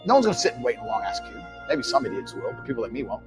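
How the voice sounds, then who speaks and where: A blunt man with a mid-pitched voice holds forth in a brash, profane motivational rant, switching voices to act out the people he quotes. Faint music plays underneath. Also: big pitch swings, very fast. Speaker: entrepreneur speaking on money. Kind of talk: motivational monologue.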